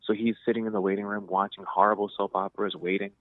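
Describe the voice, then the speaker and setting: A man's voice: lowish voice, fast, no echo. A man, a podcast guest, telling stories in a casual chat and acting out the people he quotes. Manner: lively storyteller, acts out quotes. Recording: thin phone-like sound, dry.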